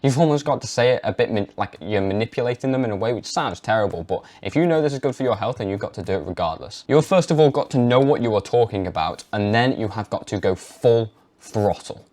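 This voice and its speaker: A man's voice: fairly low pitch, lively intonation, fast talker, darkish tone. A young man giving emphatic health advice straight to camera in a vlog. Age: young adult. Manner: emphatic, mocks hesitant speech. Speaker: health vlogger. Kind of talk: direct-to-camera advice monologue.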